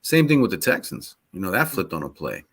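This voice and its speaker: A man with a somewhat low voice co-hosting a casual sports podcast. He talks loosely and profanely, rambling with constant asides. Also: big pitch swings, fairly quick, a bit bright, husky. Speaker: podcast co-host.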